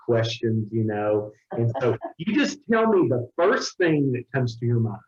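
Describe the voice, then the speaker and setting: A man with an Oklahoma accent interviewing a coworker with quick-fire questions, joking and laughing often. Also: mid-range voice, big pitch swings. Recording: roomy, dull lo-fi sound.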